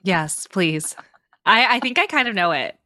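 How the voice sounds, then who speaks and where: A woman's voice: mid-range voice, expressive, measured pace, sharp tone, no room sound, studio quality. A woman co-hosting a podcast, giving short supportive reactions in casual chat. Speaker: podcast co-host.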